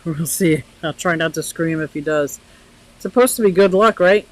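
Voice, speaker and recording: A woman's voice: low voice, moderate pace, rough recording. An older woman hosting a casual live chat outdoors by a pond, talking freely, laughing often and answering viewers' comments. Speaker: livestream host.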